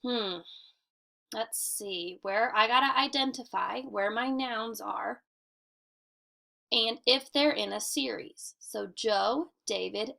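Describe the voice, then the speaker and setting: Woman teacher, recorded kids' lesson, unhurried and careful, gravelly edge to a bright voice. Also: on the high side. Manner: clear, deliberate teacher talk, slowing to model reading aloud. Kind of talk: recorded grammar lesson for children.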